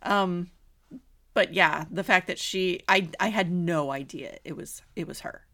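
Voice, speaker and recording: A woman co-hosting a podcast in casual chat, animated and exclamatory, laughing easily and often clearing her throat. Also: lowish voice, unhurried. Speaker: podcast co-host.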